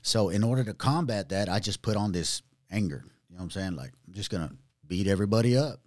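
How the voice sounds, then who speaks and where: A man sharing his own testimony in casual chat, animated, using street slang and acting out other people's voices. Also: lowish voice, fast talker, no room sound.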